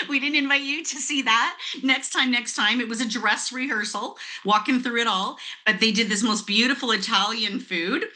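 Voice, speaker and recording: A woman's voice: a little high, pushed and bright. A woman guest on a company call, chatting in a bubbly way and laughing easily. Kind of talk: casual conference call chat.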